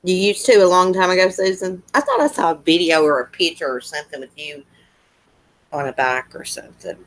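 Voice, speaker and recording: This Southern woman hosts a livestream, talking fairly quickly in a lowish voice. She answers comments casually, with a chatty, countrified drawl.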